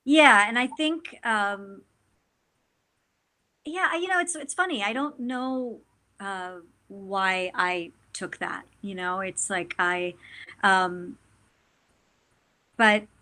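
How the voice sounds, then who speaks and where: A woman actor talking as an interview guest in a casual, animated way, with lots of fillers and restarts. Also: mid-range voice, slow pace, pauses often. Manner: animated, chatty, many fillers.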